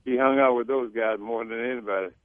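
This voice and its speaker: A man, a former teammate, speaking as a guest on a phone-in radio interview in a halting, reflective way that repeats words. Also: medium pitch, fairly even intonation, no room sound. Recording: tinny phone line.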